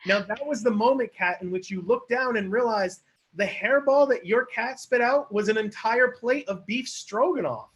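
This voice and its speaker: A man hosting an online improv comedy show, narrating the scene in an animated storytelling manner. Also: very high-pitched, normal speed.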